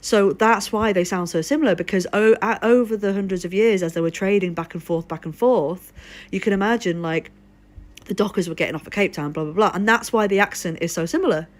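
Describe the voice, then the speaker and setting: A woman's voice: medium pitch, fairly quick. A woman from Liverpool live streaming, telling a rambling story in casual chat, swearing freely and breaking off to thank followers. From Liverpool, England.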